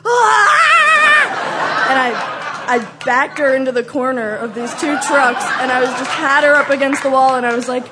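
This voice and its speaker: A woman telling a comic story, acting out scenes with loud shrieks and mock voices. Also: high voice, steady tone, moderate pace, over a noisy crowd, very noisy.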